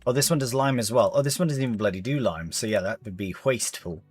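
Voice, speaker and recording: A man's voice: mid-range voice, fast, a little mellow, husky, dry recording, soft background music. A young man chatting casually on a gaming stream, rambling to his viewers and calling them mate. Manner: rambling, chatty, chuckling, talks to chat as mate. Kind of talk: casual live-stream chat while playing.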